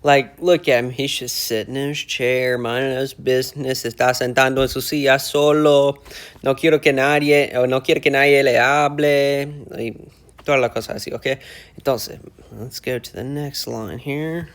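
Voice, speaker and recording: A man teaching casually, breaking phrases down slowly and repeating them word by word as he explains their meaning. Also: medium pitch, fairly even intonation. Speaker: language teacher explaining song lyrics. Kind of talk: casual lyric breakdown lesson.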